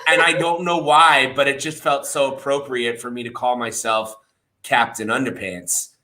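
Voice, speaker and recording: Animated bright-voiced man telling stories. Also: mid-range voice, normal speed. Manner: animated, swears freely. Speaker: podcast guest. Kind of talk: casual comedic storytelling.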